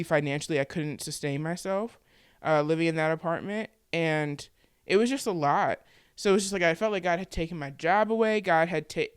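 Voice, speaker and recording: With a deep, clear, resonant voice, a twenty-something vlogger and podcaster tells her own story to the camera in a candid, conversational way, dropping plenty of "like" fillers. The studio recording is clean, with no echo.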